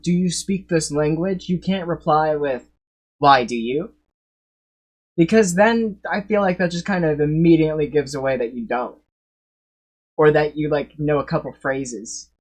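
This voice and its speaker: A man's voice: on the high side, moderate pace. A man streaming live, rambling through reaction commentary, swearing freely and laughing often as he talks.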